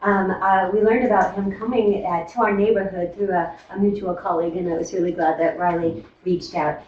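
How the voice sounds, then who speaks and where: A woman's voice: on the low side, steady tone, a little fast. A woman introducing a seminar speaker with light humor and a few fillers. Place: seminar room. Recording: roomy lecture hall from far off, dull.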